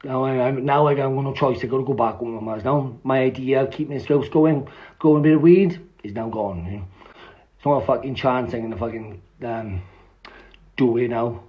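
A man's voice: medium pitch, a little fast. Man, rambling casual storytelling, constant swearing, dull lo-fi phone audio. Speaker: social media storyteller.

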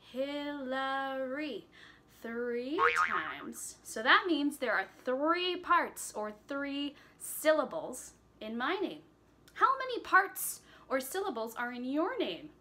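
Lively sing-song children's teacher, a woman. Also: high-pitched, slow, slight background noise. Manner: sing-song, encouraging, claps and chants words. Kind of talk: children's lesson.

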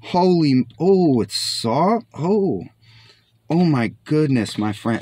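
A man's voice: on the high side, sing-song, takes it slowly, mellow, husky. A young man hosting a casual food review vlog, enthusiastic and exclaiming as he tastes, often calling out to his friends. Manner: enthusiastic, keeps saying "my friends"; exclaims while tasting.

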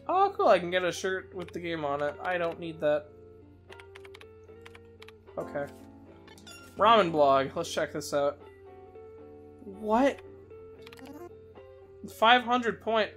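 A let's-play host giving casual, excitable commentary while playing, leaning on "like" fillers and swapping swear words for a silly stand-in. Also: mid-range voice, takes it slowly, pauses often, faint music behind. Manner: excitable, many "like" fillers, swaps swears for "floof".

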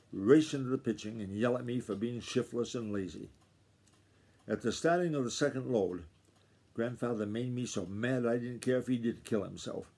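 A man reading a novel aloud to his family in a steady storytelling voice, with small slips now and then. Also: fairly low pitch.

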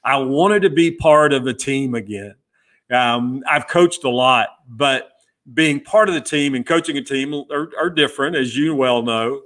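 A middle-aged man with a bright, forceful voice tells a story as a podcast guest. He slips into the voices of the people he quotes and keeps the tale moving in an easy, conversational way. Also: medium pitch, measured pace. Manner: lively storyteller who acts out quoted dialogue. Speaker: guest, former pit crew member. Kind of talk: casual storytelling interview.

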